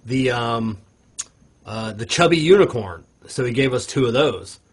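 A man with an ordinary mid-pitched voice chats casually as a podcast co-host. He rambles, circling back through fillers and restarts as he talks. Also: animated, a little slow, slightly rough.

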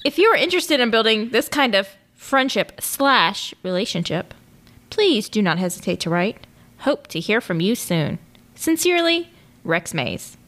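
A woman's voice: fairly high pitch, very animated, moderate pace, a bit bright. A woman co-hosting a podcast in casual chat, blunt and teasing, laughing often. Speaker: podcast co-host.

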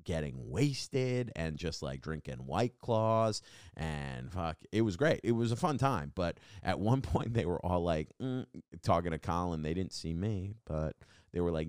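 A man's voice: low-pitched, normal speed, clear, resonant tone, no room sound, clean studio sound. A young man, a comedian hosting his own podcast, casually telling stories with swearing and acted-out quotes. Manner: animated, swearing, acts out quoted people. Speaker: podcast host and stand-up comedian. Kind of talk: casual storytelling monologue.

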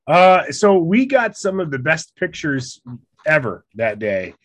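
A man laughs frequently and pokes fun at himself while recounting a grueling outdoor trip in casual conversation. He speaks slowly in a fairly high, very animated voice, captured in a dry recording.

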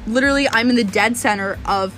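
A young woman telling a story in casual chat, animated and swearing as she talks. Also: a little high, quick pace, soft background music. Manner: animated, swearing, laughing often.

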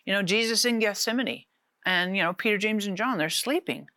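A woman preaching a casual, conversational sermon, animated and often repeating words. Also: mid-range voice, brisk, no room sound.

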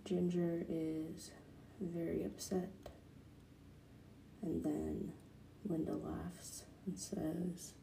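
A soft-spoken woman retelling a cartoon episode, at times dropping into a whisper. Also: fairly low pitch, level tone, drawn-out words, vocal fry, pauses often, reverberant, slight background noise, rough recording. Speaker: narrator.

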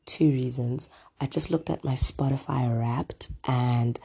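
A podcast host chatting casually on their own, hoarse from a throat illness, rambling with lots of ums and asides. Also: mid-range voice, steady tone, a little slow, few pauses, warm tone. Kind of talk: casual solo podcast chat. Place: at home.

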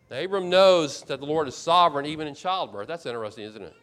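Male pastor, sermon delivery, fairly high voice, emphatic and repetitive, slips into first-person asides. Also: animated, fast, few pauses, a bit bright. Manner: expository preaching with emphatic repetition; acts out the speaker's complaints in first person.

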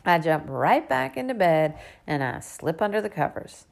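A woman narrating a first-person children's story in a lively, expressive way. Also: fairly low pitch, moderate pace, gravelly. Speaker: audiobook narrator.

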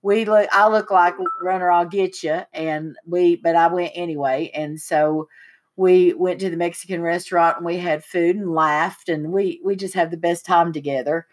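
A middle-aged woman hosting a casual chat podcast, telling stories with lively, acted-out quotes. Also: normal speed. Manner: animated storyteller, acts out quotes with big pitch jumps. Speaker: podcast host.

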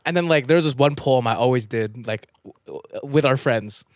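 A man's voice: mid-range voice, normal speed, no echo, studio quality. A young man co-hosting a podcast, chatting casually and laughing often. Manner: laughs often, animated slam-poem delivery. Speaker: podcast co-host. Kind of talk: casual chat.

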